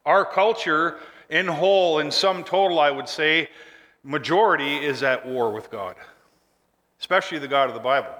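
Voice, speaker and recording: A male pastor delivers a sermon, speaking emphatically and building to forceful declarations while leading the congregation in call and response. His voice is a little high, his pace moderate, and the sound has a big-room quality.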